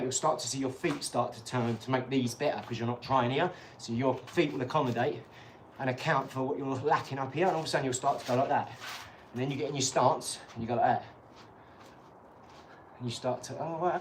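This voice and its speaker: A man's voice: medium pitch, fast, slight background noise. A man, hosting a live stream, chatting in a rambling, boastful way, laughing at himself and sliding into boxing tips. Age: 40s. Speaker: channel host.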